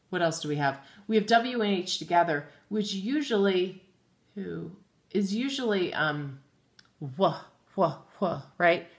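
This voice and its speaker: A woman teaching a phonics lesson to young children, spelling out letters slowly and thinking aloud as she goes. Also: fairly low pitch. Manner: patient, slow spelling out of letters; chatty, thinks aloud with fillers.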